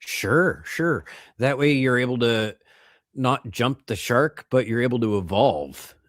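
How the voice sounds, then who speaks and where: A man's voice: medium pitch, lively intonation, measured pace, a bit bright, no echo, studio quality. A tired man co-hosting a podcast, reflecting on things and tripping over his words. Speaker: podcast co-host. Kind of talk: casual chat.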